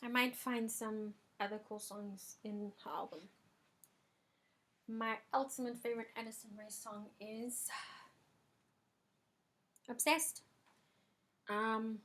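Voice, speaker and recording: Slow-talking chatty young woman vlogger. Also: on the high side, a bit bright. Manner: chatty, lots of filler ums. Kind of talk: casual music review vlog. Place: bedroom at home.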